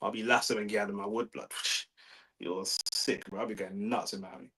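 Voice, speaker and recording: Hosting a fight watch-along on a livestream, a young London man chats in relaxed slang, swears, and reads the chat aloud. He speaks at a moderate pace in a lowish, fairly bright voice with fairly even intonation, and the recording is rough.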